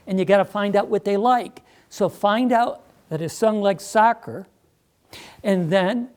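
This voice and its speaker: A man speaking to a school district meeting, emphatic and persuasive, with quick asides to the audience. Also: high-pitched, darkish tone. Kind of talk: live presentation. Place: meeting room.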